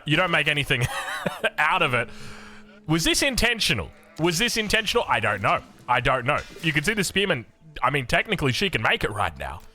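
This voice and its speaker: Lively Australian man casting a game. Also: fairly high pitch. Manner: excitable, animated, chatty, laughs often. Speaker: game caster. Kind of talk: casual game commentary.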